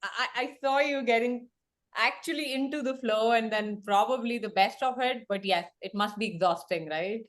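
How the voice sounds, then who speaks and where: A woman's voice: fairly high pitch, moderate pace. Woman co-hosting a podcast. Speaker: podcast co-host. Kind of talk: casual chat.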